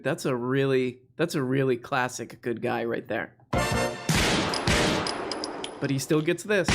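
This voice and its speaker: A man's voice: medium pitch, noisy background. A man hosting a live call-in stream, rambling and joking with callers, full of "like" and restarts. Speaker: host of a live call-in show. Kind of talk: casual live-stream chat.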